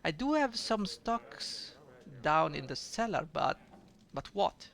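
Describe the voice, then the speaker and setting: A man's voice: sits high, big pitch swings, slow, creaky, a bit bright, full character voice. A man voicing a sweet, fussy middle-aged woman who runs a tavern, reading game dialogue aloud. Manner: fussy, calls the listener dearie.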